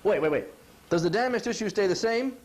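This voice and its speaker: A man's voice: high-pitched, brisk. A middle-aged man, a chiropractor, giving a folksy health talk and acting out quotes as he goes. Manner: animated, acts out quotes, asks "you follow?".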